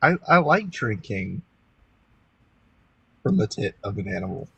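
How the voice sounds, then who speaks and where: A man's voice: fairly low pitch, very animated, unhurried, gravelly, dull audio. A man calling into a livestream chat, teasing and matter-of-fact. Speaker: caller. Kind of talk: casual livestream debate chat. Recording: distant mic with faint background noise.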